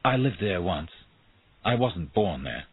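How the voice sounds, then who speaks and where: A man's voice: deep voice, sing-song, a little slow, breathy edge, no echo, exaggerated voice. A man voicing a shy, very polite, drunk young Englishman in a storybook reading. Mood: apologetic. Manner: very polite, shy, slurring softly. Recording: tinny phone-like sound.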